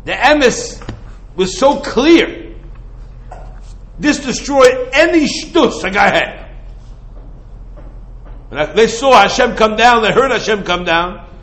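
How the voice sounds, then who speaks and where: Man, high voice, rabbi teaching Torah, lively lecture, rhetorical questions, casual English mixed with Hebrew and Yiddish terms. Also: slow pace, long pauses, poor audio. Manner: animated, full of rhetorical questions.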